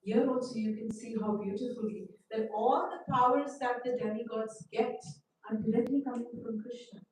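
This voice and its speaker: A woman teaches a scripture class, telling a story at an unhurried pace and checking in with her listeners with questions. Her voice sits fairly high. It is heard from some distance in a very echoey hall, with faint room noise behind. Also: steady tone, a little mellow. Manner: storytelling, asks the audience questions. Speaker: class speaker. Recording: echoey hall, mic far off.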